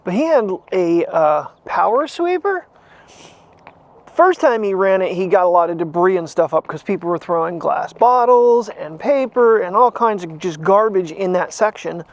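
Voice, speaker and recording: A man's voice: high voice, animated, normal speed. A man vlogging in a rambling, chatty way, talking to the camera and to his dog. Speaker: daily vlogger. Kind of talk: casual chat. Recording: dull lo-fi sound, faint noise.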